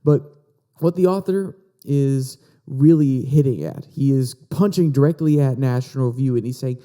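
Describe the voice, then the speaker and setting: A male podcast host with an extremely dark, mellow voice that sits at a middle pitch. He talks through political articles in a loose, conversational way and reads quotes aloud as he goes. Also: moderate pace. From Virginia, USA. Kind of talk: casual political commentary.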